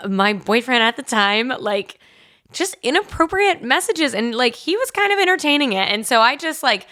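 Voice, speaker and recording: A woman's voice: high voice, big pitch swings, moderate pace, bright, forceful tone. A young woman in her twenties with a Southern US accent, hosting a podcast alone and telling a personal story in a chatty, frank way full of "like" and swearing. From Mississippi, US South. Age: 20s. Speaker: podcast host. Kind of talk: casual storytelling monologue.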